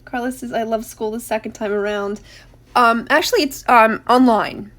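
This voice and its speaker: A woman's voice: on the high side, fairly even intonation, normal speed, a bit bright. A middle-aged woman hosting a casual craft live stream, greeting viewers by name and laughing often between remarks.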